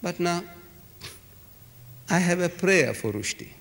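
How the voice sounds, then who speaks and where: A man's voice: sits high, lively intonation, takes it slowly, a bit bright. A man giving an emphatic, dramatic public lecture in a large civic hall, full of repetition and rhetorical flourishes. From South Africa. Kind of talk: public lecture to a live audience. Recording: echoey hall recording.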